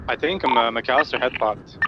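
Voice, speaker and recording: A man's voice: mid-range voice, a little fast. A man asking hesitant questions as a trainee in a police role-play game. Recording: muffled, noisy voice chat.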